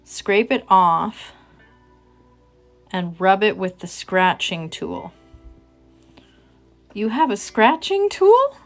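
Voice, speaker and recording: A woman hosting a casual livestream, talking with her viewers in a chatty, self-mocking way. She speaks slowly at a middling pitch. Faint music plays behind her. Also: sing-song. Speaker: livestream host.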